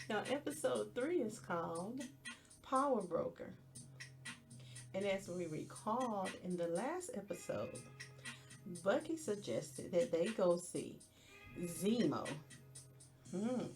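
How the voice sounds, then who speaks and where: A woman hosting a podcast, recapping a TV episode in a chatty, expressive way with playful asides. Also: fairly low pitch, takes it slowly, long pauses, soft background music. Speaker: podcast host.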